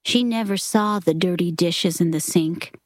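A woman reading a story aloud in a soft, often half-whispered delivery. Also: lowish voice, measured pace, no echo. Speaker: reader.

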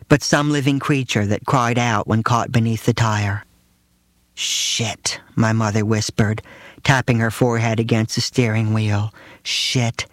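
A man reads his first-person memoir in a dry, matter-of-fact way, at an even middle pitch. He is close to the mic in a dead, echo-free studio. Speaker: narrator reading his own memoir.

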